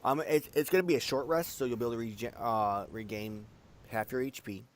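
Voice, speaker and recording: A man's voice: mid-range voice, brisk, slight background noise. A man who is the game master, casually running a tabletop game online and often hesitating with "um" as he explains the rules. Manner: casual, hesitant with many ums.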